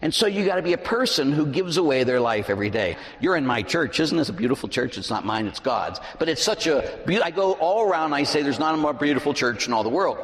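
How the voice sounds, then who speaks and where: Middle-aged pastor preaching in a reverberant church. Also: male voice, on the high side, fast talker, few pauses. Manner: animated preaching, swings between loud and hushed. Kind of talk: sermon. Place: large church.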